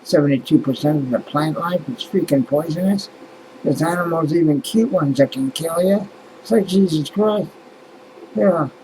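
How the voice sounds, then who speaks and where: A man's voice: fairly high pitch, moderate pace, background noise. A man musing aloud in a casual vlog monologue, rambling and swearing as he grumbles about things that irritate him. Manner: rambling, profane, exasperated musing. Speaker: vlogger.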